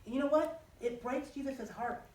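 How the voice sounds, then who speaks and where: A woman teaching children, telling a Bible story in an animated, expressive way and asking them questions. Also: sits high, normal speed, echoey room, recorded from a distance, rough recording.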